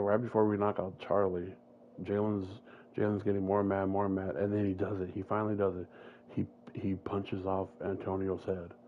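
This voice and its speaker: A young man casually telling a long, rambling story, swearing freely and jumping into the characters' voices. His voice sits fairly low. The mic sounds dull and lo-fi, with a faint hum behind it. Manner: rambling, profane, acts out the voices.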